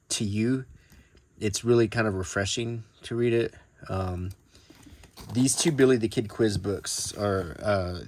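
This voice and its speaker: Man, lowish voice, relaxed and rambling collector, soft-spoken, casual home talk. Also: no echo. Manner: soft-spoken, meandering, many ums and restarts; reads old newspaper text aloud in a measured tone. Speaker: book collector showing his collection. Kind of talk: casual, unscripted talk about his books.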